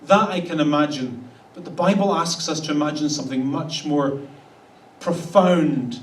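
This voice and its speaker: His voice sits a bit high and moves at a moderate pace as this Canadian pastor preaches in a chatty, wry style, mimicking whoever he quotes. The church hall echoes, leaving him somewhat far from the mic.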